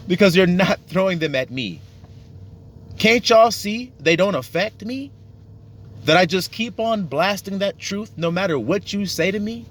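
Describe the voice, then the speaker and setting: A man's voice: sits high, lively intonation, measured pace, pauses often, slight background noise. A man giving a casual, profane sermon, acting out little dialogues to make his points. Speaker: religious teacher.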